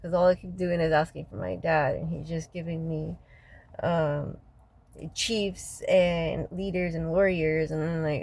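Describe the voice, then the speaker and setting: A distraught woman rants in a raw, profane personal vlog, crying as she talks. Her voice sits a little low for a woman and often drops to a hushed, heavy murmur. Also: steady tone, measured pace, vocal fry, no echo, low-quality recording. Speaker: local resident venting after a city meeting. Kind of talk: emotional personal vlog rant.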